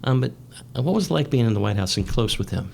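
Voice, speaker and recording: A man hosting a radio show, asking a guest questions in a calm, conversational way. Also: medium pitch, fast, vocal fry. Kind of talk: interview questions.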